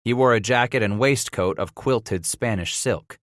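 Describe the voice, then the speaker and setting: A man narrating a western audiobook in a measured storytelling manner. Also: medium pitch, a bit bright, no room sound, clean studio sound. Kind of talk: scripted narration of a western novel.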